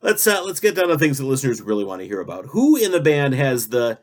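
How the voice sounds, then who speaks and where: A man's voice: mid-range voice, fast. A man hosting a spoof radio talk show, rambling through absurd jokes with a straight face. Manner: rambling, absurd deadpan banter. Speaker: host.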